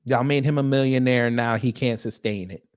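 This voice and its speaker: A man's voice: medium pitch, fairly even intonation, fairly quick, clear, resonant tone. A man hosting casual commentary, blunt and mocking, slangy and swearing, talking straight to the audience. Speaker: host.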